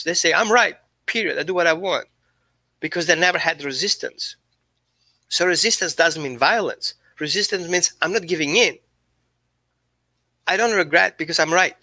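A man's voice: a little high, sharp tone, no echo, poor audio. A man teaching as a dog behaviorist, speaking earnestly and voicing what the dog thinks, with slightly non-native phrasing. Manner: non-native phrasing, searches for English terms. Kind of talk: informal training talk.

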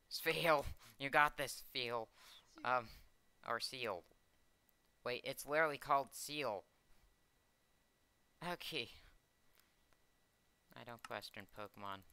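A man's voice: lowish voice, pushed and bright, clean tone. A man giving casual, rambling gameplay commentary as host, hesitant and full of ums and little gasps of surprise. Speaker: gaming channel host.

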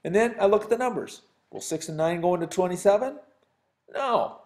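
A man's voice: high-pitched, expressive, fairly quick, darkish tone. A man teaching a recorded sixth-grade math lesson, talking straight to his students in a chatty, joking way. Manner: chatty, addresses students directly, jokes.

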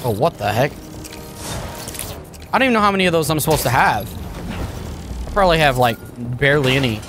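A man giving excitable, jokey commentary over his gameplay as the channel host. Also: fairly high pitch, brisk, over music. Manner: excitable, jokey, loud outbursts.

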